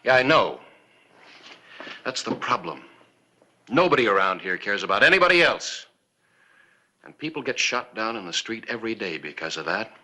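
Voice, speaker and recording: A man's voice: on the low side, normal speed, long pauses, exaggerated voice. An actor playing a frontier lawman who speaks firmly and steadily in a 1950s TV western. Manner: firm and steady.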